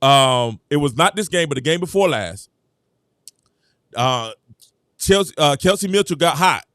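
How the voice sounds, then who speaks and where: A man hosting his own show, giving casual sports commentary in an animated way, laughing often and repeating himself. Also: fairly high pitch, a little slow, no echo, studio quality. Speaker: show host.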